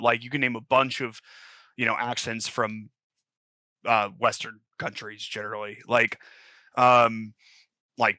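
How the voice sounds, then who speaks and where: A man's voice: medium pitch, sharp tone, dry recording. A man co-hosting a podcast in casual group chat, reasoning through his views with lots of fillers. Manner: thoughtful, analytical, filler-heavy. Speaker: podcast co-host.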